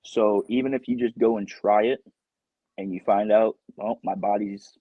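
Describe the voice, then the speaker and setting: A male professional wrestler telling a lively backstage story in a casual interview, laughing often as he talks. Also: lowish voice, normal speed, no room sound. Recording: dull lo-fi recording.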